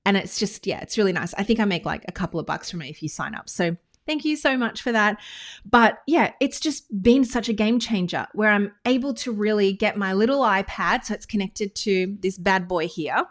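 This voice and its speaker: An enthusiastic woman with an Australian accent talks straight to camera like a friendly business coach. She explains things in a casual, chatty way, often breaking off into quick asides, and her voice sits at an ordinary middle pitch. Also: animated. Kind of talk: casual teaching monologue to camera. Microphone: screen-recorded talking head with whiteboard.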